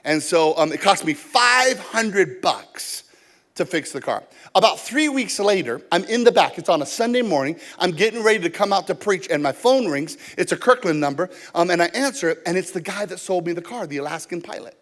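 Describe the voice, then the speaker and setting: A man's voice: high-pitched, animated, fairly quick, fairly bright tone. A man preaching a sermon as pastor, telling personal stories and acting out both sides of the conversations. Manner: storytelling, acts out both sides of dialogue.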